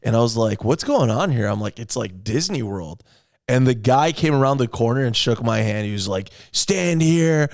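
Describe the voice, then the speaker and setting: A man hosting a casual podcast, easygoing and quick to laugh, chiming in with short reactions. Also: mid-range voice, animated, a little mellow, no room sound, studio quality. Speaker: podcast host.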